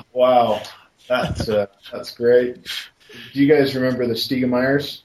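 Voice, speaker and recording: A man's voice: medium pitch, takes it slowly, a little mellow, a little hiss or hum. A man telling family stories in a folksy way, laughing as he recalls them. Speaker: podcast co-host. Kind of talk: casual storytelling. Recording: roomy echo.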